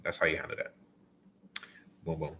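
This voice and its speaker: A man's voice: moderate pace, pushed and bright, a little hiss or hum. A man in casual livestream chat, laid-back and slangy, answering viewers' questions as a delivery driver. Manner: laid-back, slangy, acts out phone calls.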